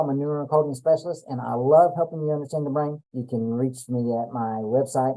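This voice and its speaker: A man's voice: mid-range voice, mellow, poor audio. A man giving a folksy motivational talk as a brain coach on a video call, repeating points and dropping in playful asides.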